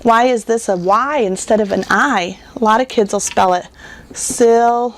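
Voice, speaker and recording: A woman who runs a reading curriculum, giving parents a patient, explanatory talk on teaching phonics and spelling and sounding words out slowly. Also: medium pitch, fairly bright tone, a little hiss or hum. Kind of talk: instructional talk to homeschool parents.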